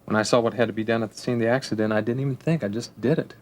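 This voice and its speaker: Calm sincere surgeon played by a man, radio drama. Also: medium pitch, racing, close to an everyday voice. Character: calm steady male surgeon.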